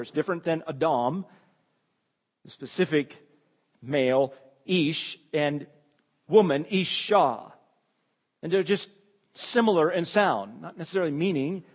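A man's voice: a little high, in a large hall. A man preaching an expository sermon, emphatic and repeating key phrases, his voice rising when he exclaims.

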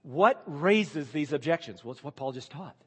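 A man's voice: a little high, lively intonation, moderate pace, husky. Man, preacher, sermon, reads scripture then explains, emphatic questions, reverberant hall. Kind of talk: expository sermon.

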